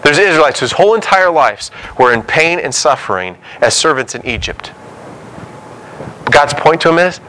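A man preaching a sermon, telling biblical stories with animated storytelling and acting out the dialogue. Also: on the high side, moderate pace, a little hiss or hum, low-quality recording.

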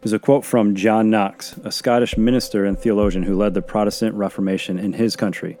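A man giving a scripted, measured podcast introduction with dramatic emphasis. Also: fairly low pitch, fairly even intonation, dark tone, soft background music. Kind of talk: scripted narration.

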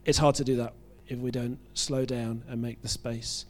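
A man from the UK with a British accent, preaching a sermon in a relaxed, conversational way, joking at his own expense and often restarting his phrases. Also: mid-range voice, moderate pace. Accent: British English. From United Kingdom. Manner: conversational, self-deprecating, with frequent restarts.

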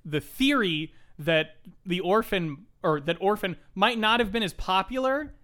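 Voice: medium pitch, expressive, a little slow, a bit bright. A podcast co-host chatting casually and cracking sarcastic jokes. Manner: joking, sarcastic asides. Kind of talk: casual chat.

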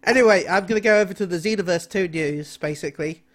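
A man's voice: high-pitched, fast talker, fairly bright tone. A man co-hosting a casual gaming podcast, talking with frequent ums and restarts. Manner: hesitant, many ums and restarts. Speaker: podcast co-host. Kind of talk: casual chat.

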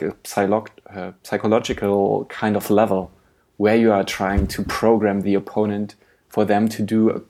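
A man on a podcast explaining a subject step by step, with halting restarts. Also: on the low side, darkish tone. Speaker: podcast co-host. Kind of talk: casual podcast discussion.

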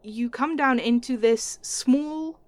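A woman's voice: high voice, takes it slowly, no echo. A woman narrating as game master, describing scenes with lots of loose fillers. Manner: descriptive, with many "like" fillers and light laughs.

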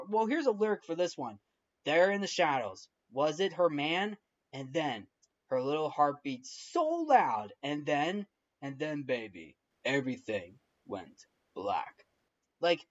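A man's voice: fairly high pitch, dull audio. A man hosting a film review show, recapping the story in a casual, rambling way with many restarts and fillers.

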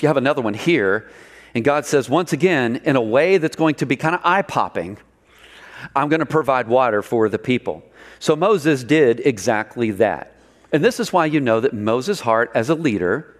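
A man preaching a sermon in a conversational way, asking the listeners questions and acting out the quotes. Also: on the high side. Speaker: pastor.

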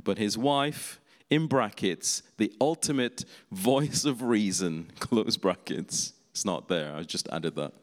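A man's voice: fairly low pitch, slow, few pauses. A man preaching a sermon in a conversational way, with laughing asides. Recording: long hall reverb.

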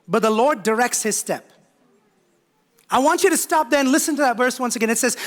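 A man's voice: extremely high pitch, a little fast. A young adult man preaching a sermon as pastor in a church, calling out to the congregation. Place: church sanctuary.

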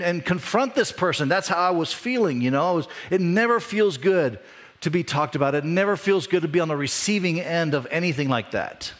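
A middle-aged male pastor preaching in a conversational way, his voice rising for emphasis and dropping low when he reflects. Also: animated, brisk, a bit bright. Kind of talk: sermon.

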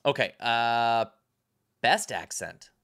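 A man's voice: mid-range voice, expressive, slow, fairly bright tone, smooth. A man in casual film-review chat, talking in rambling stops and restarts and swearing now and then. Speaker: podcast co-host.

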